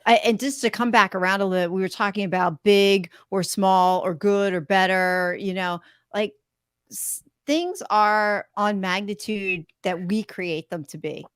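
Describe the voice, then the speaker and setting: A woman's voice: medium pitch, fairly even intonation, measured pace, a bit bright, smooth, dry recording, studio quality. A woman hosting a podcast interview, talking in a reflective way with many fillers. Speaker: podcast host. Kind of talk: casual interview chat.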